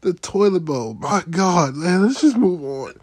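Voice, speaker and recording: A man co-hosting a casual sports podcast, who laughs often and exclaims loudly. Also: high-pitched, animated, measured pace, breathy edge, dry recording, studio quality. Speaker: podcast co-host.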